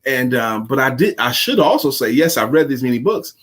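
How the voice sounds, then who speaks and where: Man co-host, casual and reflective, lots of ums, average pitch. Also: lively intonation, brisk, a bit bright. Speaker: co-host, sales coach. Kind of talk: casual chat.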